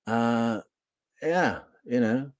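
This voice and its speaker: A man's voice: medium pitch, extremely slow, dry recording. A man giving sarcastic commentary over trial footage, mocking and dry. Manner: mocking, sardonic, mimics in sudden outbursts. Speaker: true crime commentator.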